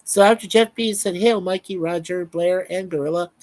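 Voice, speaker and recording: A man's voice: high voice, steady tone, normal speed, darkish tone, dry recording. A man hosting a casual live stream, reading out viewer comments in a chatty, upbeat way. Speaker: show host.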